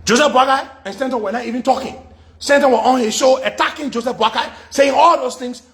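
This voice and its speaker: A middle-aged man holds the mic as a radio host, telling a story in a high voice. His pitch leaps all over as he acts out what each person said. He keeps swinging between his own telling and the voices he puts on. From Liberia. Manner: animated, acts out quoted dialogue in shifting voices. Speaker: radio talk show host. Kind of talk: storytelling monologue.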